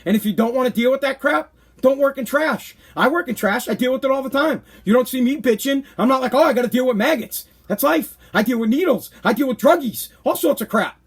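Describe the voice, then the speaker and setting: A man, hosting a podcast with an animated, exasperated rant. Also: very high-pitched, a little fast, husky. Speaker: podcast host. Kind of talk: casual ranting monologue.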